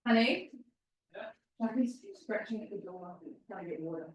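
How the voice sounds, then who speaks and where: A woman's voice: mid-range voice, moderate pace, highs cut off, slight background noise. A woman leading an online workshop over a video call, encouraging and swearing casually. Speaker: workshop facilitator.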